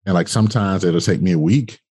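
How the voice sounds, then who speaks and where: Brief: young male podcast guest, low husky voice, casual profane storyteller. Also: fairly quick. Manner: animated, colloquial, swearing, acts out dialogue.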